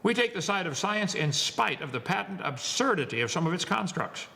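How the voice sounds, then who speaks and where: A man's voice: high voice, big pitch swings, a little fast, vocal fry, bright, forceful tone, long reverb tail. A man giving a lecture to an audience, wisecracking, preachy and emphatic. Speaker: seminar speaker.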